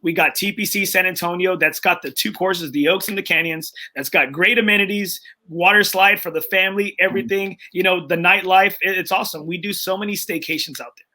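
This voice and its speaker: A man's voice: high voice, fairly quick, few pauses, pushed and bright. A man hosting a casual golf podcast, speaking earnestly and getting emotional, with frequent restarts and fillers. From Texas. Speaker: podcast host.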